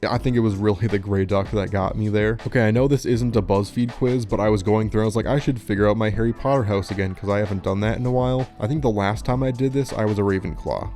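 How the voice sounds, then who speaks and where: A man's voice: lowish voice, fast talker, hardly any pauses, dark tone. A man from Minnesota, chatting casually and rambling with lots of "like" fillers as he reads quiz questions aloud. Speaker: channel host. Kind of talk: casual vlog chat reading quiz questions.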